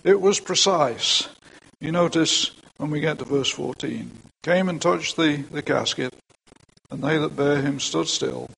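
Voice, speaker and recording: A man's voice: a little high, measured pace, gravelly, a bit bright, breathy edge, poor audio. An older man preaching a sermon in a church, talking plainly to the congregation with frequent asides.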